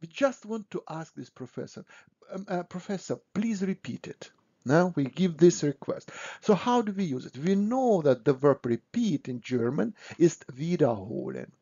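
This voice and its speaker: A man's voice: on the high side, big pitch swings, moderate pace, creaky, warm tone, slightly rough. Man teaching German grammar, dull lo-fi sound. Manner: patient, repeats "no?" to check understanding. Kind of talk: explaining grammar to learners.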